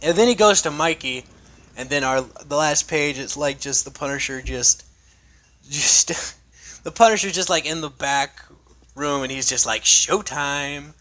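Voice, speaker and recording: A man's voice: a little high, normal speed, a bit bright. A young man casually reviewing a comic, rambling and swearing with enthusiasm.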